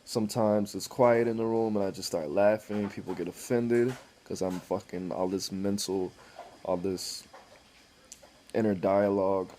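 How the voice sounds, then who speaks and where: A man speaks to the camera in a rambling, blunt monologue, swearing freely as he goes. His voice sits low and warm, with a soft, dark tone. A faint hiss runs under the recording. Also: fairly even intonation, unhurried. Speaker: vlogger.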